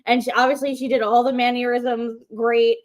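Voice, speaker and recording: Chatty excited woman co-host. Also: a little high, normal speed. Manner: excited and chatty, many fillers, swears. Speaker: co-host of a wrestling call-in show. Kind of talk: casual chat. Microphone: livestream microphone.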